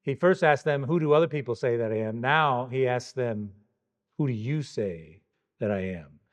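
A man's voice: medium pitch, moderate pace. A man preaching an expository sermon verse by verse, emphatic and full of pointed rhetorical questions.

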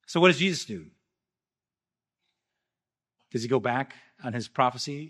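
A man with a bright, forward voice delivers a sermon as a pastor. He preaches emphatically, pushing lines up loud and letting others fall away quiet. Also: mid-range voice, expressive, unhurried. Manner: emphatic preaching, swinging between loud rises and quiet drops.

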